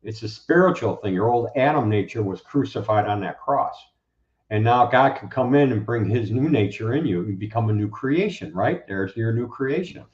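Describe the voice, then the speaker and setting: A man talking as a guest, preaching in a casual, animated way and acting out the people he quotes. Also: lowish voice, moderate pace. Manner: animated, acts out quoted speakers. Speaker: guest, Bible teacher. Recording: roomy, dull lo-fi sound.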